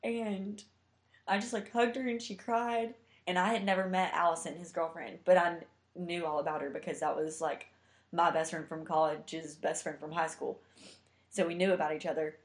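A woman's voice: on the low side, steady tone, moderate pace, reverberant. A young woman telling a heartfelt personal story in a chatty way, full of fillers. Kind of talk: casual storytelling.

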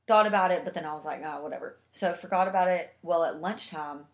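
A young woman with a low voice tells a heartfelt personal story, chatty and loose with fillers. The room around her sounds echoey and roomy. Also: fast. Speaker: guest telling a personal story. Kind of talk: casual storytelling.

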